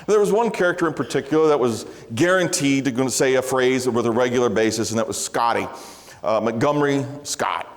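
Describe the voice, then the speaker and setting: A man's voice: medium pitch, brisk. A man preaching a sermon in an earnest, conversational way, with light self-deprecating humor. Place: large church sanctuary. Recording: long hall reverb.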